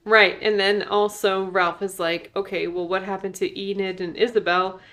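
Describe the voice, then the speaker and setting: A woman's voice: mid-range voice, level tone, normal speed, fairly bright tone. A woman co-hosting a podcast, emphatically filling in plot details while chatting casually about a movie. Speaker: podcast co-host. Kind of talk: casual movie recap chat.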